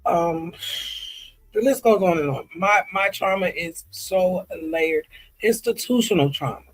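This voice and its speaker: A man talking candidly in a personal vlog, earnest and confiding, often halting with ums and restarts as he reads comments aloud. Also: high voice, rough recording. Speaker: vlogger.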